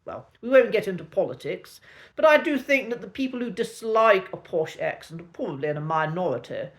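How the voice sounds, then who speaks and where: A man with a traditional Received Pronunciation accent, teaching a spoken lesson with clipped vowels and an authoritative, measured manner. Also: sits high, sing-song, a bit bright. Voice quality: clipped, cut-glass vowels. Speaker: accent coach.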